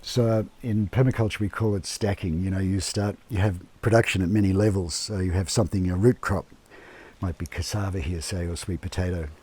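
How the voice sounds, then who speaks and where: Man, deep-ish mellow voice, unhurried interview chat, lots of fillers, indoors at home. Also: breathy edge. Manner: relaxed, unhurried, with many fillers and restarts. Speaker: eco lodge owner and permaculture gardener. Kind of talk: casual interview talk.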